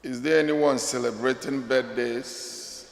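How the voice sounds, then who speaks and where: A man reads parish announcements at an unhurried, deliberate pace. His voice has a middle pitch. It rings through a large church with a long reverb. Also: fairly even intonation, gravelly. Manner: slow, measured, mixes English with Igbo. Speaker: priest giving parish announcements.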